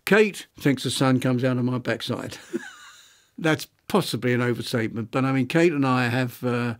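In a reminiscing interview, an elderly London man in his nineties, once an architect, looks back in a mid-range voice. His speech halts and restarts, thick with fillers as he reflects.

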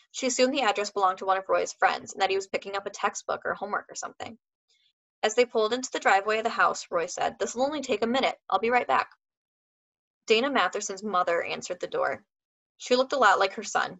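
Teacher lady reading a chapter book out loud, mid-pitched voice, perks up for the dialogue bits. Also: rough recording. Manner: reads dialogue with lively voices for the characters. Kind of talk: classroom read-aloud.

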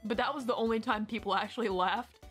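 A woman talks fast in a medium voice, telling a rambling, casual story full of fillers and swearing. Music is clearly playing behind her. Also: a little high, a bit bright.

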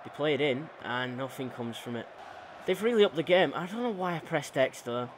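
A young man talks through his own gameplay in a loose, chatty way, stopping to correct himself and filling gaps with ums. His voice sits a little high for a man. A faint hiss of noise stays under the recording. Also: lively intonation, a little fast. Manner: chatty, rambling with fillers and self-corrections. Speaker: gaming channel host. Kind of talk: casual gameplay commentary.

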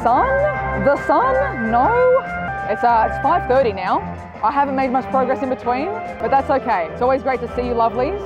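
A young woman, chatting excitedly to camera while walking outdoors in the desert. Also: high-pitched, fast talker, highs cut off, loud music behind the voice. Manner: chatty, excitable, self-mocking. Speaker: vlogger. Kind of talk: casual vlog chat. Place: outdoors in the desert at a live event.

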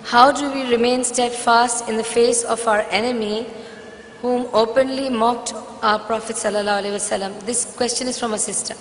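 A woman reading out an audience question at a lecture in a plain, measured way. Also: on the high side, steady tone, echoey room, in a large hall, slight background noise.

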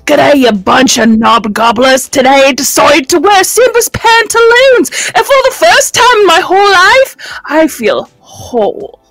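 A woman reading a cheeky prompt in a put-on Australian accent, drawn out and slow. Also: sits high, big pitch swings, a bit bright, no room sound, voice pushed up, heavily acted. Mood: mock solemn. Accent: mock Australian.

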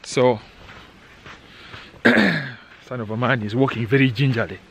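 A man's voice: mid-range voice, animated, slow pace, gravelly, fairly bright tone, slight background noise, rough recording. Rambling man vlogging on a hike. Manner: rambling, joking, frequent "eh?" tags. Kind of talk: casual walking vlog narration. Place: outdoors on a muddy canyon trail.

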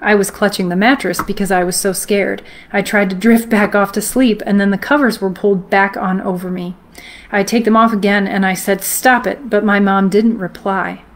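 A woman hosting a live stream, reading a ghost story aloud in a steady, measured storytelling way. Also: medium pitch. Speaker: host.

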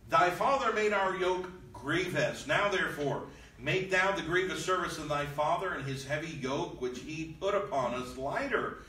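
Bright-voiced preacher in an echoey church room. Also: male voice, fairly high pitch, slight background noise. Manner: reads King James scripture aloud, then explains in plain casual talk. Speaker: Bible study teacher. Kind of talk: Bible lesson with scripture reading. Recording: echoey room, mic at a distance.

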